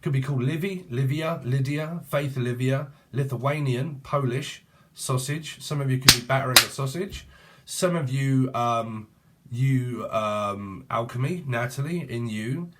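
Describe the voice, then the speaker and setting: A middle-aged British man rambles through a casual tarot reading, cracking crude jokes and swearing freely. His voice sits at an ordinary pitch, loose and chatty, drifting from topic to topic. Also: unhurried, noisy background. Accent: British English. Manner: jokey, swearing, rambling, bursts into sing-song. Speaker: tarot reader.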